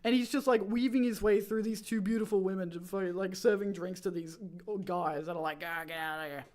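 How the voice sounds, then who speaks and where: A man's voice: high-pitched, steady tone, fairly quick, a little mellow. A young man in his twenties, hosting a stream and rambling through a story with lots of fillers and restarts. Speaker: streamer host. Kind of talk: casual chat.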